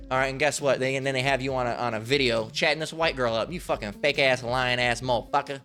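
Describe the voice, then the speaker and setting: A man's voice: mid-range voice, fairly even intonation, fast talker, hardly any pauses, sharp tone. A man giving a casual Bible lesson in a rambling, slangy way, swearing freely. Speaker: lay Bible teacher.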